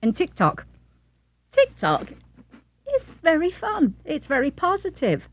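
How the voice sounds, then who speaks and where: A woman co-hosting a casual chat show, talking in a giggly, lively way. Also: sits high, slow. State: eating while talking. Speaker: co-host of an expat show.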